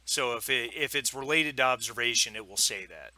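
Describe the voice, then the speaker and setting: A man running a tabletop game as game master, explaining rules and narrating scenes in a relaxed way with many fillers. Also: medium pitch, brisk.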